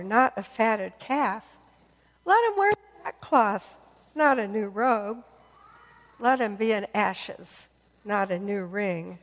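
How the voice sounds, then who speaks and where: A woman's voice: sits high, long reverb tail. A woman voicing a dutiful older brother who protests with righteous indignation.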